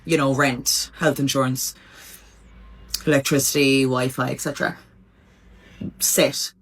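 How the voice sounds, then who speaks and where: Wry low-voiced woman vlogging. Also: level tone, unhurried, husky. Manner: chatty, wry. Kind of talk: casual vlog talk.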